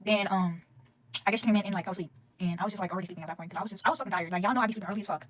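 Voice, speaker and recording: A woman's voice: medium pitch, rapid-fire. A young woman telling a storytime, profane and exasperated, talking to her viewers. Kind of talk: casual storytime vlog.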